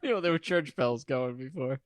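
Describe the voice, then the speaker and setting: A man's voice: mid-range voice, moderate pace, no echo. A man in his thirties co-hosting a podcast, keeping the casual comedic banter playful. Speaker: podcast co-host.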